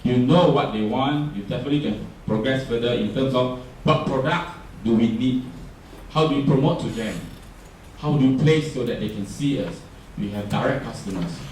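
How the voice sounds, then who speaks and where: With a mid-range, somewhat dark voice at a moderate pace, this Singaporean-accented man gives a conversational workshop presentation and keeps questioning the audience. Recorded on a distant mic, it has roomy echo and a touch of hiss or hum.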